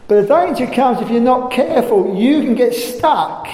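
A man's voice: very high voice, animated, moderate pace, few pauses, a little mellow. An older man preaching a sermon, emphatic and full of rhetorical questions. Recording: echoey hall, faint room noise.

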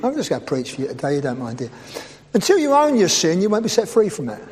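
A man delivers a humorous church sermon in a high voice that swings widely in pitch. He keeps teasing the congregation with playful asides. The sound rings with a long church reverb over a faint background hum. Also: wildly swooping pitch, quick pace, darkish tone. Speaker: preacher.

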